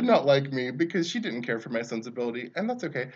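A man's voice: medium pitch, big pitch swings, fast talker, hardly any pauses, highs cut off. A man talking through a film review in a casual, rambling way, often breaking off mid-sentence and laughing.

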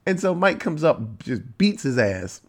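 A man giving a casual, profane recap of a horror movie, telling it in an animated way with sudden jumps in pitch. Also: unhurried. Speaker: movie reviewer.

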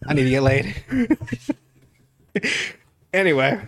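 A young man with a somewhat high voice rambles through a TV recap, swearing freely and laughing as he goes. He restarts sentences over and over, talking casually to a friend as podcast host. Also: big pitch swings, slow pace. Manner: rambling, profane, laughs often, many restarts. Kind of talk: casual chat.

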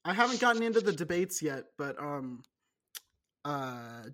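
High-voiced man in a joking podcast chat. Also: sing-song, unhurried, pushed and bright. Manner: rambling, joking, frequent laughs and restarts. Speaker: podcast co-host. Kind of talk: casual chat.

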